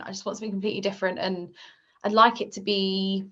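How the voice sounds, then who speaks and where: A woman's voice: mid-range voice, level tone, fast talker, a bit bright. Chatty woman guest, muffled sound. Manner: chatty, leans on fillers like "like" and "um". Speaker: guest author. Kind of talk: casual podcast interview. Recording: slightly muffled lo-fi recording.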